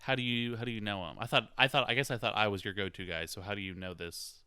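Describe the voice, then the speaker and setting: A man co-hosting a podcast keeps cutting in with teasing, prodding questions. His voice is low but bright and crisp, recorded close and dry with no room sound. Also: fairly even intonation, dry recording. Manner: teasing, quick interjecting questions. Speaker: podcast co-host. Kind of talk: casual comedic banter.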